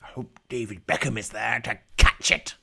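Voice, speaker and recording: Gravelly man doing pirate commentary. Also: medium pitch, moderate pace, bright, forceful tone. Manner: growling pirate asides, irreverent and mock-solemn. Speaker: live-stream commentator. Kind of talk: jokey live commentary in a mock pirate voice. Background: faint music from the broadcast feed.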